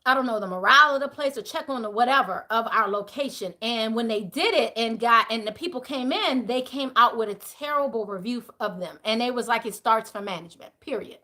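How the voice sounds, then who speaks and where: High, bright-voiced woman ranting emphatically. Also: brisk, hardly any pauses. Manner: emphatic and profane, swinging between loud outbursts and low asides. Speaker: spiritual reader hosting a live stream. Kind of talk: casual storytelling rant.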